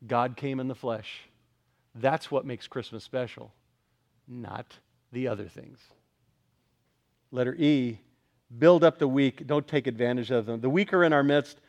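A man preaching a sermon to a congregation, emphatic and questioning, rising at times to shouts. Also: medium pitch, measured pace, pauses often. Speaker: pastor.

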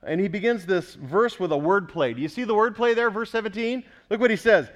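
Guy preaching a sermon, kinda high voice, pushes hard and keeps asking the crowd stuff. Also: a little fast. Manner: emphatic, questions the congregation often. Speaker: pastor.

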